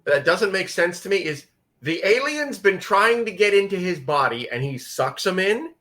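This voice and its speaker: A man's voice: high-pitched, big pitch swings, normal speed, sharp tone. A man co-hosting a casual episode commentary podcast, matter-of-fact, giving short replies and plain instructions. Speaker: podcast co-host.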